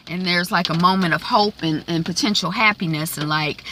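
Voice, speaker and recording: A woman's voice: fairly low pitch, steady tone, moderate pace, few pauses, pushed and bright, slight background noise. A woman recapping a TV episode in a casual, rambling vlog, full of fillers and restarts. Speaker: TV recap vlogger.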